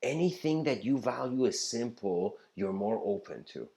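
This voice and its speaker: A man's voice: medium pitch, animated, normal speed, creaky, a little mellow. A man giving an informal philosophy lecture, rambling and laughing often, acting out the voices in his stories.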